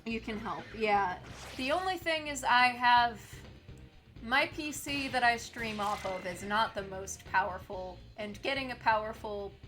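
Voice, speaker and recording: A woman in her twenties streaming a game, chatting casually, laughing often and answering chat. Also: medium pitch.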